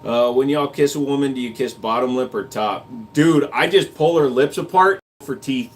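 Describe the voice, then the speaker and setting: A livestream host reads chat comments out loud, responding with crude banter and casual talk about guns. His mid-range voice keeps a moderate pace against slight background noise.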